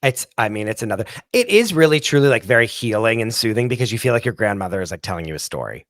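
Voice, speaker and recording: A man's voice: on the low side, expressive, fast talker, fairly bright tone, dry recording, clean studio sound. A man guesting on a podcast in casual chat, speaking emphatically and dramatically and saying "like" constantly. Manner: emphatic and dramatic, heavy use of "like".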